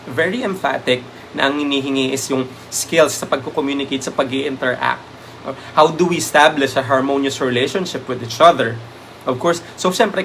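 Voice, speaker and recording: A man's voice: mid-range voice, fairly bright tone, a little hiss or hum. A man with a Filipino accent leads a live exam review, switching between English and Tagalog, with many "um" fillers, and thanks viewers by name. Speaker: review lecturer.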